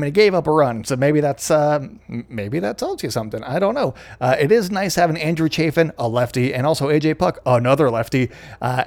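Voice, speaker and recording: A man's voice: on the high side, dry recording. A young man hosting a podcast, casually recapping a baseball game in a rambling, chatty way, often correcting himself. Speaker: podcast host.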